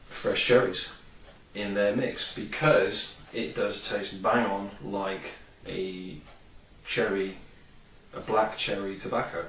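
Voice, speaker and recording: A man's voice: on the low side, slight background noise. A man reviewing a product in a casual, rambling vlog, full of ums and enthusiasm. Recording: roomy, distant from the mic.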